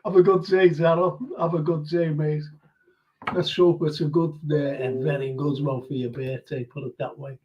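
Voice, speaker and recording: A man's voice: on the high side, level tone, normal speed, highs cut off. An older man hosting a live fan phone-in style show, chatting casually and reading viewer messages aloud with open emotion. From England. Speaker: host.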